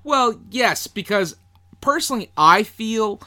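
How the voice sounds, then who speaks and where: A man co-hosting a casual podcast, talking slowly with wry, deadpan humor. His voice is bright and fairly high, and his pitch rises and falls a lot as he talks. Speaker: podcast co-host.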